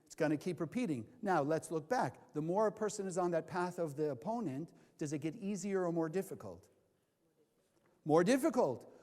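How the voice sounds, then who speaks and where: High-pitched man teaching a class, lots of rhetorical questions, echoing lecture hall. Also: darkish tone. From California. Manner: asks the audience questions and answers them himself. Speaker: Kabbalah teacher. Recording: long hall reverb.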